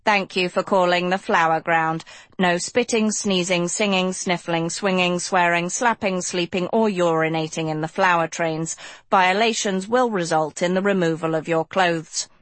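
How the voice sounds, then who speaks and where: A woman's voice: fairly low pitch, moderate pace, dry recording, natural voice. A woman playing a fussy caterpillar conductor. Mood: officious. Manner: officious, rattling off rules.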